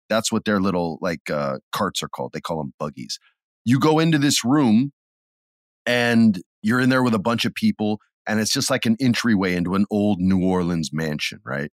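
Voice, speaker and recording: A middle-aged podcast co-host with a fairly low voice spins stories in a relaxed, chatty way, then suddenly acts out scenes with loud bursts. The sound is close and dry, with no echo or room around it.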